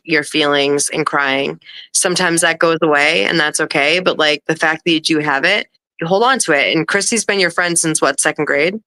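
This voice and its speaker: A woman in her thirties, co-hosting a casual livestream chat, talking bluntly with frequent swearing and warm encouragement. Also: sits low, dry recording, poor audio. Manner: blunt, profane, supportive. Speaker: livestream co-host.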